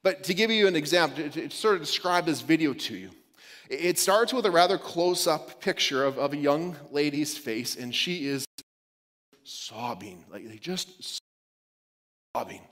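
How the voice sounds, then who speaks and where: Pastor preaching in a reverberant church. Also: male voice, fairly high pitch, lively intonation, moderate pace, fairly bright tone. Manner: conversational preaching with light humor and restarts. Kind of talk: sermon. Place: church sanctuary. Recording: long reverb of a church hall.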